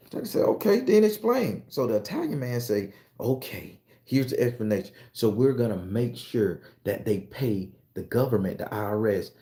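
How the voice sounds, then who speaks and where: Male storyteller, mellow voice, roomy echo, acts out his characters with sudden high squeals. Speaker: commentator on social media channel. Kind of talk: animated storytelling monologue with profanity.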